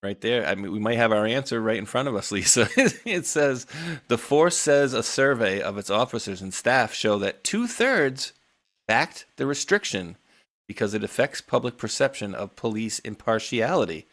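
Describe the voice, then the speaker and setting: A man's voice: mid-range voice, expressive, moderate pace, a bit bright. A man with a New England accent hosting a casual talk show, chatty and laid-back, reading news items aloud and laughing often. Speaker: show host. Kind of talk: casual podcast chat.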